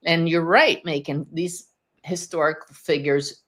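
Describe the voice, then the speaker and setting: A woman's voice: sits low, fairly even intonation, unhurried, a bit bright. A woman hosting a live question-and-answer podcast as a medium, explaining and telling stories in an enthusiastic, chatty way. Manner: enthusiastic, chatty, laughs often. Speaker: spiritual medium and podcast host. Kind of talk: live Q&A podcast, teaching and storytelling.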